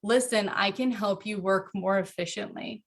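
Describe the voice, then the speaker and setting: An earnest woman talks about parenting in a relaxed interview from her home. Her voice is mid-pitched and animated. She laughs easily and gets lively when she acts out little scenes. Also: moderate pace. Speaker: podcast guest, author. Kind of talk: casual interview talk.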